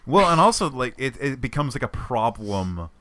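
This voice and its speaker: A man co-hosting a podcast, eagerly jumping in with quick remarks while discussing a book. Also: mid-range voice, very animated, fairly bright tone, no room sound. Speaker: podcast co-host.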